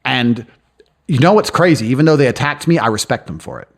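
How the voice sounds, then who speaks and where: A man's voice: medium pitch, lively intonation, fairly quick, gravelly. A man who is a podcast guest, boastfully telling stories in a brash, crude way and acting out other people's lines. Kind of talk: boastful storytelling in casual chat. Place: lives in London.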